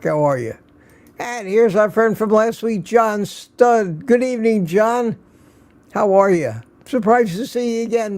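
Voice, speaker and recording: A man's voice: sits high, darkish tone. An older man hosting a casual live stream, greeting viewers by name one after another and chuckling often.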